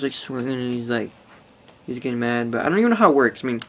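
A man's voice: mid-range voice, lively intonation, rapid-fire, slight background noise. A teenage boy rambling casually to an iPod camera, full of fillers and swearing. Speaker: vlogger. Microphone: phone or iPod held close.

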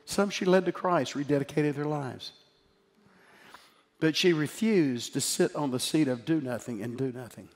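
A middle-aged man preaching a sermon as pastor, shifting from emphatic exhortation to quiet, tender storytelling. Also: on the high side, normal speed. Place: church sanctuary. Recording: hall reverb with faint music.

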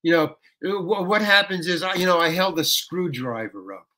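An older man telling a story as an interview guest, animated and colloquial, often saying "man" and "you know". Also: high voice, moderate pace.

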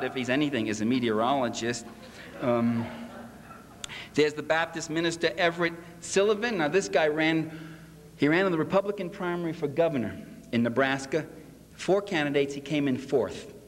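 Sarcastic male lecturer in an echoey hall. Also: on the high side. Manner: sarcastic, mocking delivery with acted quotes. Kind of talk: public lecture to a convention audience. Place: convention hall. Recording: echoey hall with faint ambience.

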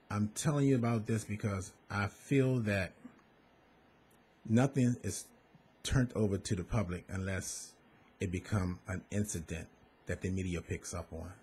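A man's voice: deep voice, a little mellow, husky. A man, a former bus contractor, speaking earnestly to parents, repeating and stressing his points. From Maryland. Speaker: school bus safety advocate, former contractor. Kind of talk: direct public appeal to parents.

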